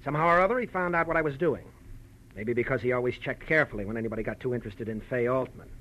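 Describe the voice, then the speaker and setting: A man's voice: medium pitch, racing, a bit bright, muffled recording, slight background noise, natural voice. A man playing a scheming male swindler who holds a gun, talking in a cold, gloating way in an old-time radio drama. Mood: menacing. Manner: menacing, gloating. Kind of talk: 1940s radio acting.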